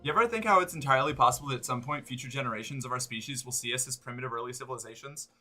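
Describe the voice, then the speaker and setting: A man's voice: medium pitch, very fast, pushed and bright, faint music behind. A man streaming live, chatting casually and rambling, often restarting and swearing. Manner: rambling, self-interrupting, swears.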